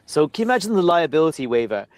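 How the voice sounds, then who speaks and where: A man's voice: fairly high pitch, sing-song, very fast, dry recording. A man co-hosting a casual comic book podcast, making dry joking asides. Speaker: podcast co-host.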